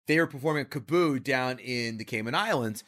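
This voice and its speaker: A man, a comedian guest on a podcast, chatting casually and telling stories with lively acted-out quotes. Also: medium pitch, normal speed. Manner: animated storyteller, acts out quoted voices. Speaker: comedian and show creator guest.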